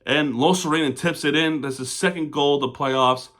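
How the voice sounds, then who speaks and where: Ranting hockey fan, bright tense voice. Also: male voice, a little high, moderate pace. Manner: frustrated, swears and rants at referees; fan of the team, says "we" and "our". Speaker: sports fan recap vlogger. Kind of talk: casual game recap commentary.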